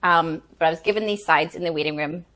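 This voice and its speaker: A woman's voice: deep voice, quick pace, a bit bright. A woman, a guest chatting casually and telling anecdotes, full of "like" fillers.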